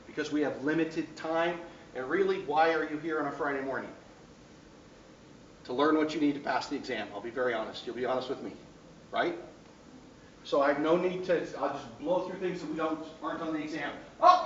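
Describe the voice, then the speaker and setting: A high-voiced man lectures a class with lively energy, now and then shouting out a hint. He sounds distant from the mic, in a roomy hall with a dull, lo-fi recording and faint noise behind him. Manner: animated, bursts into shouted hints.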